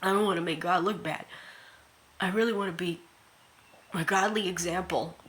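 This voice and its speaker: Woman vlogging on her phone, bright voice, choked up and earnest, keeps repeating herself. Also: fairly low pitch, steady tone, normal speed. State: emotional, near tears. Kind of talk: emotional confessional monologue.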